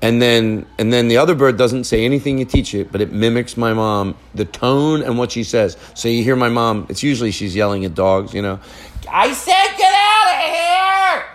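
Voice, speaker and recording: A man hosting a podcast, chatting from a family living room. He rambles, loses the thread and jokes his way along. His voice sits at an ordinary middle pitch. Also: steady tone, a little fast, few pauses. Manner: rambling, joking storyteller, wanders off-track. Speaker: podcast host. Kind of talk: casual chat.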